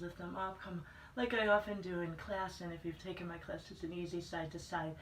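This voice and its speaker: A woman fitness instructor talks a class through a plank workout in calm, steady cues and keeps reminding everyone to breathe. Her voice sits a little low. She is picked up from some distance in a roomy, echoing space. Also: brisk, hardly any pauses, a little hiss or hum. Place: fitness center room. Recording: echoey room from a distance.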